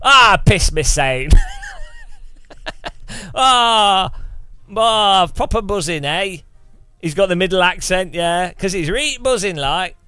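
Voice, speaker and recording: A man voicing an overexcited young lad in a put-on Midlands English accent, loud and sing-song, laughing between words. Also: high voice, animated, slow, clean tone, no room sound, soft background music, heavily acted. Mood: giddy mocking. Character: overexcited young lad mimicking a cheerful engineer.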